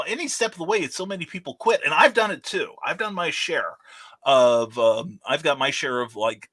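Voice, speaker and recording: A man, a guest author, telling stories in a casual interview, animated and full of fillers. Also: medium pitch. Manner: animated storyteller, many fillers.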